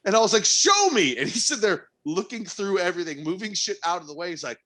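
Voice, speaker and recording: A man's voice: high-pitched, fast. A man co-hosting a podcast, telling a frustrating work story in casual chat, exasperated and swearing, his voice jumping up in disbelief. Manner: animated, exasperated, swears freely, rising to near-shouts. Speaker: podcast co-host.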